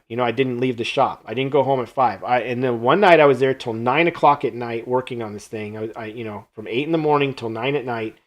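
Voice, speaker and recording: A man hosting a live stream, telling a casual anecdote from his studio and acting out the lines of the people in it. He often trails off into quiet asides. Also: mid-range voice. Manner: animated anecdote-telling that acts out quoted dialogue, trailing off quietly. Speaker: host and creature sculptor. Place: his own art studio.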